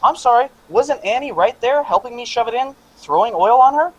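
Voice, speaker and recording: Indignant high-voiced man arguing. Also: lively intonation, fairly quick, rough recording. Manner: indignant, confrontational, stammering. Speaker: player. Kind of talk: in-character argument in a tabletop game.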